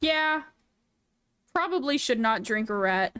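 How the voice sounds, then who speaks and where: Goofy young woman streamer, fairly high. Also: lively intonation, slow, a bit bright, clean tone, no echo, studio quality. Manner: goofy, playful, jokey. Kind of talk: casual chat while drawing.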